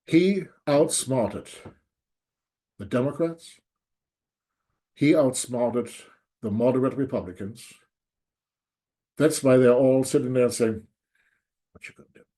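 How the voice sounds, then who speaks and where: A man's voice: medium pitch, slow pace, pauses often, warm tone. A man delivering an angry, emphatic solo commentary, openly sarcastic and hammering his points home. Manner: repeats "there's no doubt" for emphasis. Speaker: political commentator. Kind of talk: solo opinion monologue.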